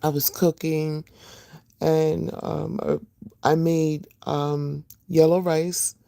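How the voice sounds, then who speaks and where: A middle-aged woman hosting a casual livestream, just woken up with a rough voice, chatting to her viewers with lots of fillers. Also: low-pitched, little pitch movement, slow pace, dry recording, clean studio sound. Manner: chatty, warm greetings to viewers, many fillers. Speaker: livestream host.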